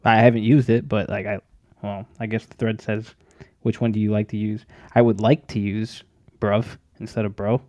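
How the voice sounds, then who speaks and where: A man co-hosting a casual podcast from his room at home, playful and quick to laugh. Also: fairly low pitch, flat delivery, darkish tone, dry recording. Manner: playful, easily amused. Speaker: podcast co-host. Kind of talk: casual chat.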